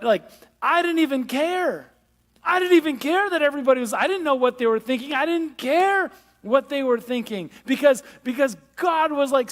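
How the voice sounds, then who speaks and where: A male pastor giving a conversational sermon with self-deprecating humor, drawing the congregation in. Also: very high-pitched. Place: large church hall. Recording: long reverb of a church hall.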